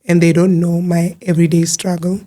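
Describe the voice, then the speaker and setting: A woman speaks as an interview guest in a low, mellow voice. She talks earnestly and haltingly, often repeating words as she searches for them. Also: flat delivery. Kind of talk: personal testimony in an interview.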